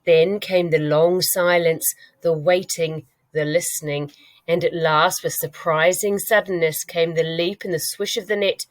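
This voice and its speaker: A woman with a British accent, a primary school teacher giving a recorded reading lesson with clear, patient instructions. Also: lowish voice, fairly even intonation, unhurried, no echo. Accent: British English.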